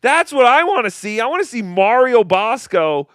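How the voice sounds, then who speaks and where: Guy riffing sarcastically on a podcast, lively bright voice, dry sound. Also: very high voice, moderate pace, clear, resonant tone, dry recording. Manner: sarcastic, mocking. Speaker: podcast co-host. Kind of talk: casual banter.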